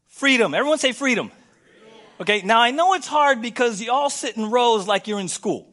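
A man preaching a sermon as pastor in a church, playful and animated, acting out little scenes for the congregation. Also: very high-pitched, a little fast. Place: church sanctuary.

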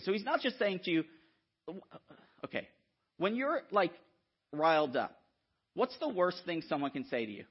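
A man preaching a sermon in an animated, conversational way, often checking in with the listeners. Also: a little high, normal speed, pauses often, slightly rough. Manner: animated, conversational, frequent "right?" asides. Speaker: guest preacher. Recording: dull lo-fi sound.

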